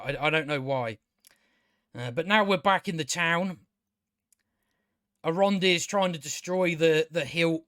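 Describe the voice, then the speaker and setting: Guy ranting about a tv show, high voice, sweary and sarcastic, dead dry sound. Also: fairly bright tone, no echo. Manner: sarcastic, exasperated, swears freely, many restarts. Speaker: TV review channel host. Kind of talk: casual spoken review.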